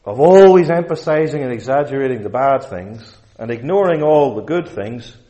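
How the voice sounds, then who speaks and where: A man's voice: mid-range voice, lively intonation, moderate pace, mellow, highs cut off. A man preaching a sermon in a church, emphatic and fond of rhetorical questions. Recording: echoey room.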